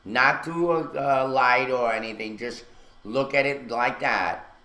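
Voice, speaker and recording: Male co-host, bright forceful tone, rambling talk full of fillers, echoey studio. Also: medium pitch, measured pace. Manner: rambling storyteller, many fillers. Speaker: radio show co-host. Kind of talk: casual chat. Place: radio studio.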